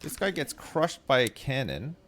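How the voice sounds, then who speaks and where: A man's voice: medium pitch, sing-song, measured pace. A man streaming a game, thinking aloud as he works through its clues. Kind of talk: gameplay commentary. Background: game music.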